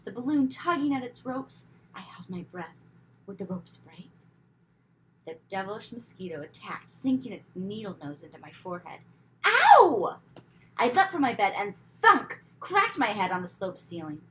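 A woman reading a novel aloud with expressive storytelling, often dropping to a whisper for asides. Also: medium pitch, a little hiss or hum, low-quality recording. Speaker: reader.

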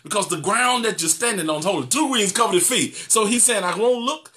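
A man pastor preaching an animated sermon, repeating phrases and laughing as he goes. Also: high voice, fast.

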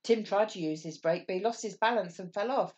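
A woman teacher reading a picture book aloud to children, expressive and asking the listeners questions. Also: mid-range voice, fairly quick.

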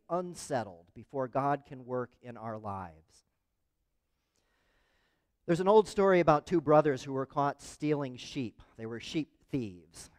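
A man's voice: fairly high pitch, darkish tone. A man preaching a conversational sermon as pastor, often asking the congregation questions. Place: church sanctuary. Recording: long reverb of a church hall.

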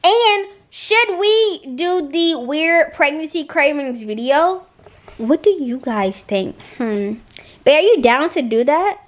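A woman's voice: high voice, expressive, slow. A woman vlogging casually with her partner, playful and teasing, talking straight to viewers and sounding a little out of breath. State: out of breath, tired. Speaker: vlogger co-host. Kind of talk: casual couple vlog.

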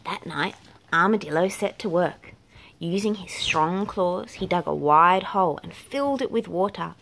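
Gravelly-edged woman reading a storybook aloud. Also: on the low side, moderate pace, slight background noise. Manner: gentle, expressive, dropping to a whisper at lulls. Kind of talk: reading a picture book aloud.

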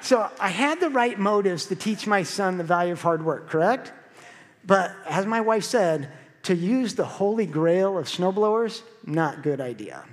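High-voiced man preaching in a reverberant hall. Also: a little slow. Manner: storytelling, animated with acted quotes. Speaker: pastor. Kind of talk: sermon. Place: church sanctuary.

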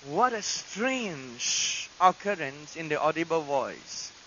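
A male pastor preaching a sermon in a church, swinging dramatically between loud proclamations and hushed asides. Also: fairly high pitch, very animated, slow. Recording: dull lo-fi archive recording with hiss.

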